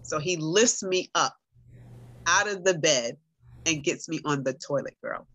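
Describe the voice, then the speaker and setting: A woman's voice: low-pitched, animated, a little slow, a bit bright. A middle-aged woman in casual conversation, telling her own story animatedly and talking straight to her listeners. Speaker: guest sharing her story.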